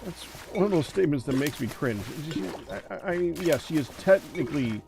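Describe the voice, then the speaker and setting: A man's voice: a little high, animated, brisk, background noise. A man chiming into a casual livestream conversation, agreeing and adding his own remarks. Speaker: livestream co-host. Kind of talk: casual chat.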